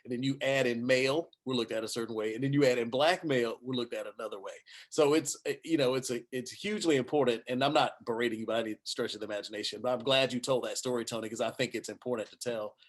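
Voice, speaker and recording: A man who works as a news anchor rattles off a personal anecdote at a panel discussion, fast and with hardly any pauses. His pitch is medium, and he animatedly performs the voices in his quotes.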